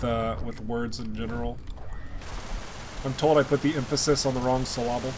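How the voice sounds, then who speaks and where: A man's voice: medium pitch, brisk, slight background noise. Chatty young man streaming gameplay. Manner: chatty, talks to chat viewers by name. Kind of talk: casual live gameplay commentary.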